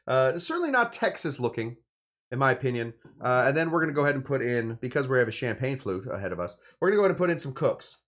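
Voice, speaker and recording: A male cocktail host from California chats through a casual drink demo at a medium pitch. He rambles and jokes, dropping playful asides as he goes. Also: big pitch swings, fast, a bit bright.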